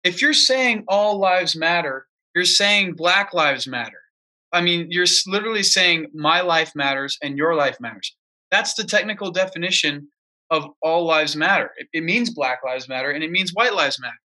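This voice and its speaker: A man with a high, very bright and piercing voice argues with emphatic insistence, hammering his points by repeating them. He talks in a casual, heated political chat. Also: normal speed. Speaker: podcast co-host.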